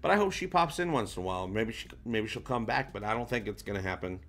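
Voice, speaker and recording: A man hosting a casual fan livestream, reading viewer comments aloud and joking in an animated, playful way. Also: on the low side, quick pace, faint music behind. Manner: animated, jokey, shout-outs to viewers. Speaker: livestream host.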